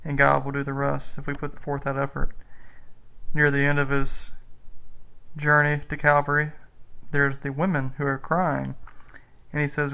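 A man giving a slow, earnest spoken meditation on the rosary mysteries as a preacher. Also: on the high side, completely flat delivery, gravelly, bright, forceful tone, clean tone, rough recording.

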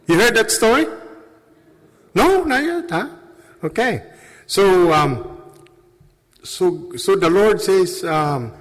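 Slow rambling man in a reverberant hall. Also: fairly high pitch, huge pitch swings. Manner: rambling, halting, laughs at own stories. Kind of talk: casual storytelling with jokes. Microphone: handheld microphone. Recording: long reverb of a large hall.

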